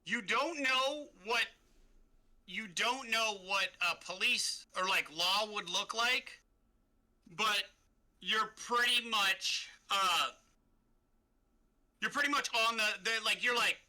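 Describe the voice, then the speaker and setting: A man narrating as game master of a tabletop game, describing scenes in a rambling, halting way full of fillers. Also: sits high, pushed and bright, poor audio.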